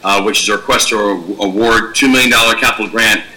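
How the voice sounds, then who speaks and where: A man's voice: on the low side, fairly even intonation, fast talker, pushed and bright, rough recording. A man chairing a formal public board meeting as governor, courteous and thanking each speaker.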